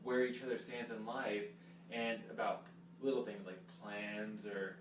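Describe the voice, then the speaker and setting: Earnest young pastor in echoey room. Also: male voice, lowish voice, little pitch movement, unhurried, far from the mic, a little hiss or hum. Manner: earnest, teasing, conversational preaching. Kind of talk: casual sermon chat.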